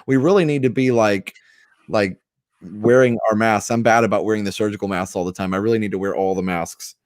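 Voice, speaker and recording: A man hosting a live stream, chatting casually with viewers in a relaxed way and laughing often. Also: on the low side, brisk, dry recording, studio quality.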